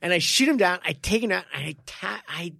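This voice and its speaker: Male podcast coach, lively storyteller, gravelly voice, dry close mic, laughs often. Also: sits high, fairly quick, no echo. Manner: animated, laughs often, lots of restarts. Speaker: podcast co-host and martial arts coach. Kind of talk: casual storytelling chat.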